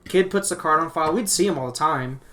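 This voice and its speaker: A man hosting a podcast, telling a long, profane and animated story in a casual chat. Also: fairly high pitch, fast talker. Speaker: podcast host.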